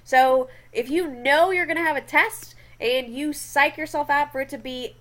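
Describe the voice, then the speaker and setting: Brief: young woman, high voice, chatty lecturer working through slides, keeps checking in with the class. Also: moderate pace, a bit bright. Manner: chatty, often checks in with "okay?".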